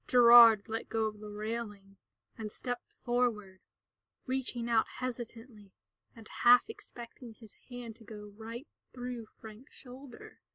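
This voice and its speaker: Woman, storybook narrator, soft half-whisper, gentle, slightly high pitch, dry close sound. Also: little pitch movement, unhurried, no echo, rough recording.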